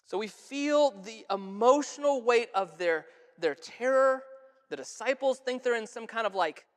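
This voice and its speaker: High-ish voiced guy preaching in church, earnest and chatty, lots of echo tail. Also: lively intonation, measured pace. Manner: earnest, conversational preaching with soft, hushed quotes. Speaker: pastor. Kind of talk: sermon. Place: church sanctuary. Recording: church sanctuary with long reverb.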